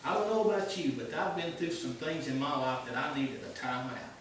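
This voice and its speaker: A man teaching a church class in an informal, earnest sermon style, swinging between hushed and emphatic. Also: medium pitch, fairly quick. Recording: echoey room from far off with noise.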